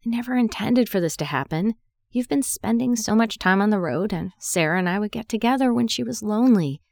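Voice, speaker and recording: A woman's voice: mid-range voice, animated, fairly quick, creaky, a little mellow, no echo, clean studio sound, voice pushed up. A woman voicing a guilty best friend who pleads hesitantly and apologetically. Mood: pleading.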